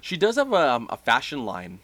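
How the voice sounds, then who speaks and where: A man's voice: huge pitch swings, brisk, a bit bright, no echo. A man co-hosting a casual wrestling chat show, joking around and slipping into goofy impressions. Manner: jokey, breaks into goofy high-pitched impressions. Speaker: podcast co-host.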